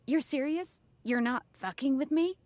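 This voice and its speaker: A woman's voice: high-pitched, normal speed, darkish tone, no echo, clean studio sound, lightly acted. An actress voicing a chatty, teasing young woman friend in a video game, hungry for gossip and incredulous at what she hears.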